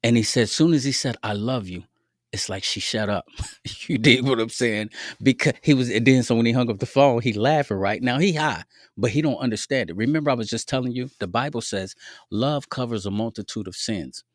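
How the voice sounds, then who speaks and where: A man's voice: mid-range voice, fairly quick, dry recording, studio quality. A man hosting a podcast, telling faith-based stories in a laid-back, slangy way with frequent asides to listeners. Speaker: podcast host. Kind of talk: casual faith-based storytelling.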